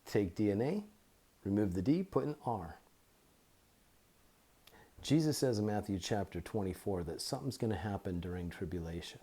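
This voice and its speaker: A man giving an informal Bible teaching into his phone, deliberately repeating and spelling out key words. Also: fairly low pitch, animated, warm tone, breathy edge.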